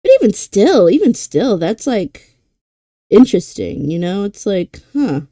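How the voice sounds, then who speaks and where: A young woman chats casually on her stream in a slow, slangy way. Her voice is mellow and warm, recorded dry and close. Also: medium pitch, big pitch swings, no echo. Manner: drawn-out, slangy chatter.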